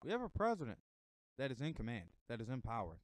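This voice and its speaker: Emphatic American man, lively preachy talk. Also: mid-range voice, quick pace, no room sound. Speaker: vlogger giving motivational talk. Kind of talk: casual motivational monologue.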